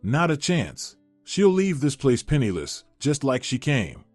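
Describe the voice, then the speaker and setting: A domineering older mother-in-law, scornful and commanding, as a male storyteller reads her lines. The delivery rises and falls with lively pitch. It sits dry and close with faint music underneath. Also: unhurried, no room sound. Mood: scheming.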